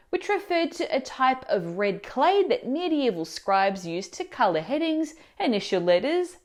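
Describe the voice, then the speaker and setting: In a scripted video lesson, a woman with a slightly high, slightly mellow voice teaches Italian pronunciation. She explains words clearly and poses questions to the viewer.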